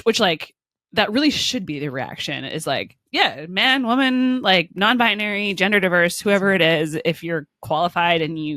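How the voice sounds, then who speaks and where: A woman with a lowish voice hosts an interview, chatting casually and leading her guest along. Her phrasing is loose and warm-hearted. The recording is dry and close. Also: no echo. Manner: encouraging backchannels, loose phrasing. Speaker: interviewer host.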